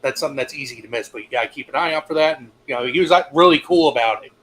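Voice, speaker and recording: A man's voice: on the high side, racing, fairly bright tone, a little hiss or hum, rough recording. A young man co-hosting a casual stream, telling laid-back stories and swearing freely. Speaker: stream co-host. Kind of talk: casual storytelling chat.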